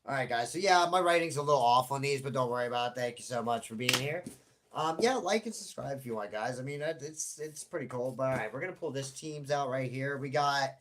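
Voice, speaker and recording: A man's voice: medium pitch, brisk, fairly bright tone. A man hosting a casual vlog, chatty and rambling with many fillers and offhand swearing. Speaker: host. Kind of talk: casual tabletop wrestling draw vlog.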